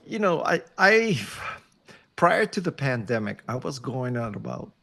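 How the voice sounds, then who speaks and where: A man's voice: medium pitch, big pitch swings, a little slow, gravelly, sharp tone. An older man talking as a guest on a video call, wry and self-deprecating, often emphatic. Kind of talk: casual interview over video call.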